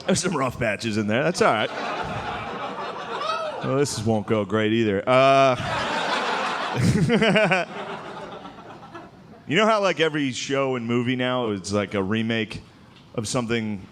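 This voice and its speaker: A man doing a live stand-up set, talking loosely with lots of "like" and quick impressions. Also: mid-range voice. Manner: loose, rambling delivery full of "like" and quick impressions. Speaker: stand-up comedian. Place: comedy club stage with laughing audience. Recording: live room with audible audience noise.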